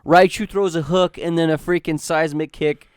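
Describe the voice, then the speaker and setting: Co-host, man, relaxed recap, resonant and higher pitched, dry sound. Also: normal speed, smooth, no echo. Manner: laid-back, swears casually while summarizing. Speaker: podcast co-host. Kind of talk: casual recap chat.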